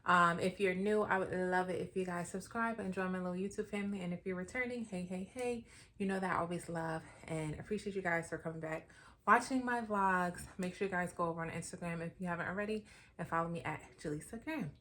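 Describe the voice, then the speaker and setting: A woman's voice: fairly low pitch, quick pace, a bit bright, slight background noise. A pregnant woman in her thirties chatting casually to her viewers while unboxing baby gifts, with lots of fillers and asides, a bit out of breath. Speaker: vlogger.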